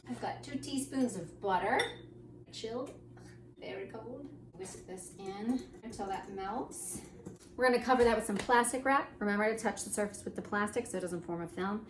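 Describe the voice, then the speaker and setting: A woman's voice: medium pitch, moderate pace, roomy sound, distant mic, slight background noise. A woman hosting a baking demonstration, goofy and playful, joking and chatting to herself as she works in a kitchen. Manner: goofy, jokes and chats to herself while working. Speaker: baking show host.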